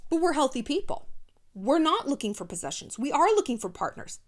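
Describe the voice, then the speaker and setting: Brash, animated woman host. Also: high voice, a little fast. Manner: brash, animated and sassy, with swearing and acted-out quotes. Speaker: YouTube host. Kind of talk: casual commentary to camera.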